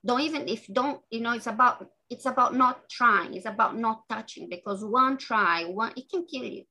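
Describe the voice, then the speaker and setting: An earnest woman speaks as an author in an interview. She talks in a halting way, often restarting her sentences. Her voice sounds bright and forceful. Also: on the high side, low-quality recording. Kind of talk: interview guest.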